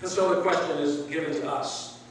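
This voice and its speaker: A male pastor preaching a sermon, stressing key words and repeating phrases with pauses. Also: on the high side, fairly even intonation, far from the mic, a little hiss or hum. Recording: echoey room, heard from afar.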